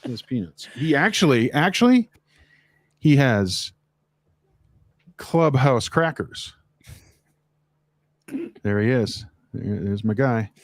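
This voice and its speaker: A man's voice: medium pitch, slow, pauses often, no room sound, studio quality. A man co-hosting a live-stream chat show, rambling and joking as he talks.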